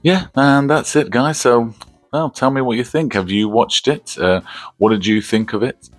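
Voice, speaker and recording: Deep husky man chatting movies. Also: expressive, normal speed, dry recording, faint music behind. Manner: rambling, laughs often, swears casually. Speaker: movie review host. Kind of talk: casual movie review chat.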